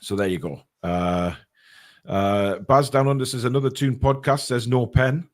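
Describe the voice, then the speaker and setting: A man hosting a casual podcast, reading out comments in a blunt, halting, sometimes sweary way. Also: medium pitch. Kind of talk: casual chat.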